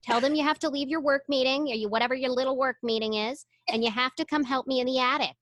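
A woman's voice: high voice, fast talker, fairly bright tone, slight background noise. A woman voicing a pushy middle-aged mother who barges into her daughter's work call. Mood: bossy. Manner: overbearing, talking over a work call.

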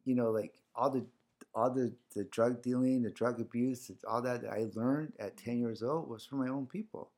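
This guest organizer of a community series has a medium-pitched, slightly mellow voice with fairly even intonation and a moderate pace. Casually telling a personal story, he rambles with plenty of fillers and acts out what was said.

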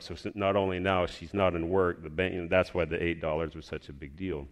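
A man's voice: deep voice, a little fast, few pauses. A man telling a personal faith story in a casual, rambling way, with many restarts. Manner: rambling, restarts often, animated retelling. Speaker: storyteller sharing a personal testimony. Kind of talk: casual spoken testimony.

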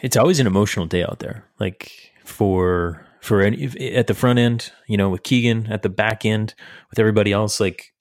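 A man's voice: fairly low pitch, fairly quick, no room sound, clean studio sound. A man hosting a podcast and coaching cyclists, chatting casually and teasing his guest. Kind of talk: casual chat.

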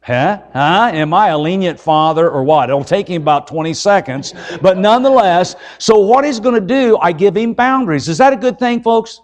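High-voiced, jokey middle-aged preacher. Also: male voice, lively intonation, normal speed, hardly any pauses. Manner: jokey, keeps asking the crowd "folks?". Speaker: evangelist. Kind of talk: folksy humorous sermon.

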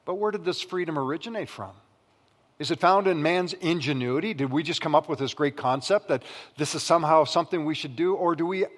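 A Canadian man preaching a sermon as pastor, telling comic stories and acting out family voices. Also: fairly high pitch. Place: church sanctuary. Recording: long reverb of a large hall.

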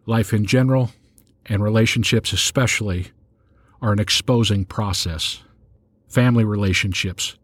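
A man giving a spoken sermon, reading scripture aloud in a measured way and slowing down for the quoted verses. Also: dry recording. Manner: measured, slows down and rises in pitch when reading scripture aloud. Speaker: podcast host and preacher.

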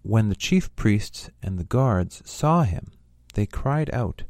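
Low-voiced man reading scripture. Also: no echo, studio quality. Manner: measured, steady reading. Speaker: scripture reader. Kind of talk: reading a Gospel passage aloud.

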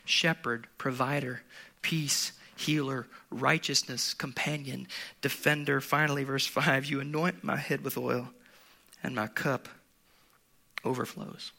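A man preaching a sermon, swinging from loud emphatic peaks to hushed low passages, with laughs between points. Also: fairly even intonation, a little slow, gravelly. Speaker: pastor.

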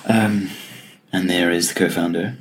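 A man's voice: low voice, steady tone, a little slow, slight background noise. A young man hosting a solo podcast, telling stories in a wry, self-deprecating way. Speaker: podcast host. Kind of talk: solo casual podcast chat.

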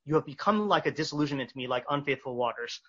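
Husky bright-voiced man teaching a text class. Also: mid-range voice, lively intonation, lo-fi sound. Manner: reads Hebrew verses slowly, translates with fillers and restarts. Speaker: Torah teacher. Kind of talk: casual text study class.

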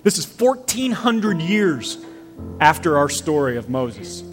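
Lively preaching man over soft music. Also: on the high side, slow. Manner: lively, acts out quoted voices, conversational preaching. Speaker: pastor. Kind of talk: sermon. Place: church. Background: soft piano and guitar music.

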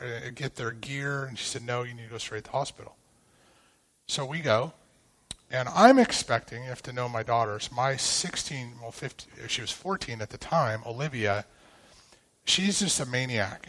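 Halting man telling a painful story. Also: medium pitch, a bit bright. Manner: halting, emotional storytelling with many restarts. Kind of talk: personal testimony in a sermon.

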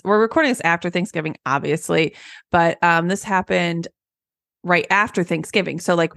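A woman's voice: fairly low pitch, gravelly, dry recording. Chatty woman hairstylist, dry sound. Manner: lively storyteller, acts out peppy voices. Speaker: podcast co-host, hairstylist. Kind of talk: casual chat.

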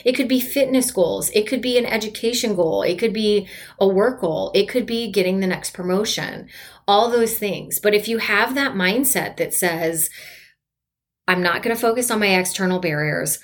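A woman's voice: mid-range voice, moderate pace. A woman in her forties, a coach hosting her own podcast, talking to listeners in an upbeat, enthusiastic, chatty way. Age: 40s. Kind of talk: solo motivational podcast talk.

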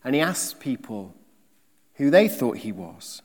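A man preaching a sermon, emphatic, with rhetorical questions and swings between loud and soft delivery. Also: medium pitch, lively intonation, moderate pace, big-room sound.

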